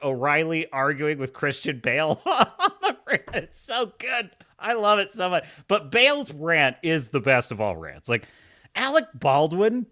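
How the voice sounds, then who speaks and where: A man hosting a live podcast, excitable and gloating, chatting with his viewers over a lot of coffee. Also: fairly high pitch. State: over-caffeinated. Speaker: podcast host.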